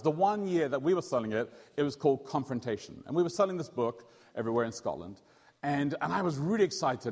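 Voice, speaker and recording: A man, a pastor telling a story in a sermon, animated and joking with his congregation. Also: a little high, husky, in a large hall. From England. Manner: animated, jokey, quizzes the audience.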